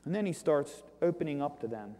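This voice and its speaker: A man preaching a sermon, reading scripture aloud and swinging between loud declaiming and quiet asides. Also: fairly high pitch, lively intonation, brisk. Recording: long hall reverb.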